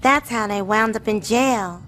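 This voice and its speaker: An actress voicing a polite, slightly posh young girl in an animated sitcom. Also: mid-range voice, unhurried, a little hiss or hum, lightly acted. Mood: sweet. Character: sweet, prim young homeless girl from uptown.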